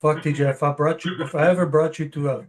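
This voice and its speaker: A man's voice: a little high, fairly even intonation, fast. A man in a casual chat over a call, swearing and bantering bluntly.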